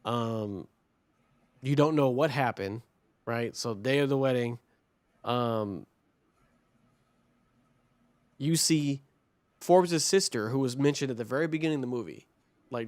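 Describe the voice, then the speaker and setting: A man's voice: medium pitch, no echo. Man casually recapping a movie plot. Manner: rambling, heavy on "like", profane, acts out quotes. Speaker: podcast co-host.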